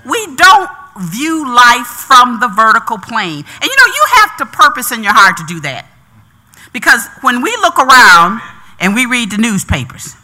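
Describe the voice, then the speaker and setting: Animated, bright-voiced woman preacher. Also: a little high. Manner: call-and-response preaching, rising emphatic repeats. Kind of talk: sermon.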